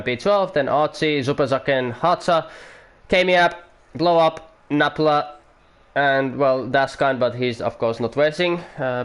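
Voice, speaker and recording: A man giving casual, rambling commentary on an online racing league, excitable and full of fillers. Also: mid-range voice.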